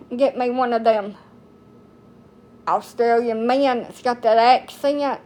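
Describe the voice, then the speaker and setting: A woman's voice: fairly high pitch, flat delivery, a little slow, a little mellow. A woman in her thirties from the United States, chatting casually to her viewers in a blunt, rambling way full of folksy slang. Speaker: TikTok streamer. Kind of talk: casual chat to camera.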